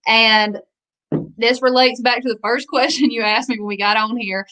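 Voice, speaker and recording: A woman's voice: on the high side, steady tone, normal speed, sharp tone. A young woman from Louisiana with a Southern accent, a country singer chatting as a guest in an interview in a folksy, thankful way. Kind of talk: casual interview chat.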